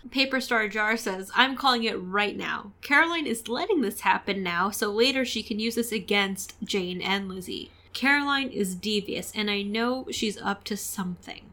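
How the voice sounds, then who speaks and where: A woman's voice: mid-range voice, moderate pace, sharp tone. Giggly woman podcast co-host. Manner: giggly, chatty, laughs often. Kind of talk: casual podcast chat.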